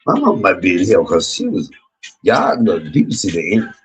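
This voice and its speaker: Husky, deep-voiced man in his fifties. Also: huge pitch swings, normal speed, poor audio. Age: 50s. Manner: blunt, profane storytelling. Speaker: livestream host. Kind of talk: candid livestream monologue.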